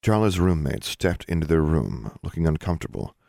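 A man calmly narrating an audiobook. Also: extremely low pitch, fairly quick, creaky, no echo, studio quality. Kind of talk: scripted narration.

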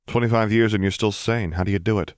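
A man voicing a cocky, wisecracking young adult rebel who talks quickly and casually. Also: fairly low pitch, steady tone, no room sound, studio quality, close to an everyday voice. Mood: wry.

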